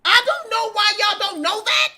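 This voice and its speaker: A woman's voice: very high-pitched, lively intonation, normal speed, bright, forceful tone, slight background noise. A middle-aged woman hosting a casual commentary show, sassy and scolding, breaking into laughs as she lectures. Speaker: host.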